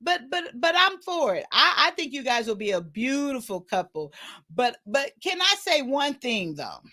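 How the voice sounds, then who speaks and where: Woman livestream host: high, very expressive voice, teasing and giggly, casual chat. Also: normal speed, no room sound. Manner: teasing, laughs often.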